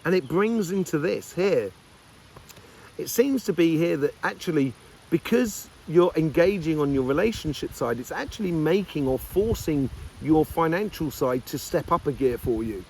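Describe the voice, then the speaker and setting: Gravelly-voiced man giving an upbeat tarot reading. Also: on the high side, lively intonation, moderate pace, a little mellow, a little hiss or hum. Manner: upbeat and encouraging, rambling with many fillers. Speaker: tarot reader. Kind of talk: casual weekly tarot reading.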